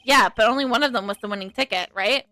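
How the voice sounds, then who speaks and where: A woman streamer reading a game aloud in an earnest, quick way with frequent self-corrections. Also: a little high, bright, forceful tone, dry recording, faint music behind.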